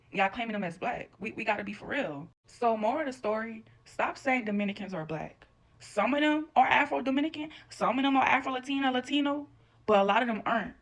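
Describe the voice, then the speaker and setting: A woman's voice: a little high, fairly quick, a bit bright. A woman giving a blunt, profane reaction rant to camera.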